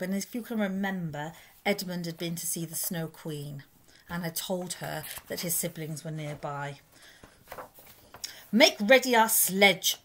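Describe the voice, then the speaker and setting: Female teacher narrating a kids' book, expressive storyteller delivery. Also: on the low side. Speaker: primary school teacher. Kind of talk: reading a children's story aloud.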